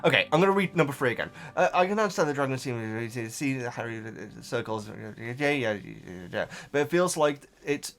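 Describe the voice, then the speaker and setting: A man's voice: mid-range voice, expressive, fairly quick, few pauses, fairly bright tone, soft background music. A man reading out viewer comments and chatting about them casually, wandering off into tangents and thinking aloud. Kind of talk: casual chat.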